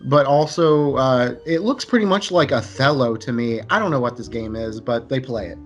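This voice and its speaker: A man's voice: mid-range voice, moderate pace, faint music behind. A man co-hosting a casual movie podcast, talking loosely and laid-back as he recalls scenes. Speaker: podcast co-host. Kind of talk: casual movie chat over beers.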